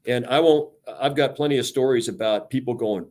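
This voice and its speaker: An older man speaks with passion and energy on a radio talk show, a retired admiral sharing leadership lessons. His voice sits at an ordinary middle pitch. He slips into the voices of people he quotes as he tells his stories. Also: a little fast, hardly any pauses. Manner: energetic, animated storyteller acting out quotes.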